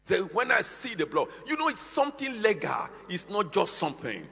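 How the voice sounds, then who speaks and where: A man preaching a fiery sermon, swinging between shouted, half-sung peaks and quieter, slower stretches. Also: high-pitched, big pitch swings, slightly rough, big-room sound.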